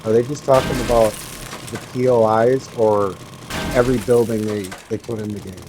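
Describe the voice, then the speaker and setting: A man's voice: steady tone, normal speed. A man chatting while playing a game, asking questions and making dry quips. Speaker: fellow player. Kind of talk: casual chat while playing. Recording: noisy with engine rumble.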